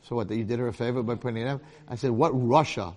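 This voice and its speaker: Storytelling rabbi acting out voices. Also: male voice, medium pitch, level tone, racing, dark tone. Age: middle-aged. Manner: storytelling with acted-out voices and jokes. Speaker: rabbi and teacher. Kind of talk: informal Torah lecture to an audience.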